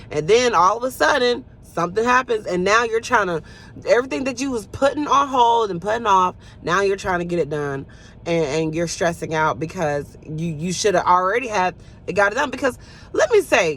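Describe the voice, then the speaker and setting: A woman's voice: medium pitch, a bit bright. A woman giving a conversational devotional talk, earnest and a bit preachy. She keeps checking in with "right?" and "you know?" in a mid-range voice. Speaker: speaker.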